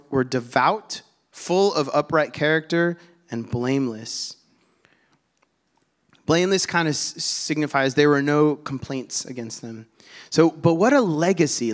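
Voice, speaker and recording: Conversational man preaching a sermon. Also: fairly high pitch. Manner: conversational, with fillers and asides to the congregation.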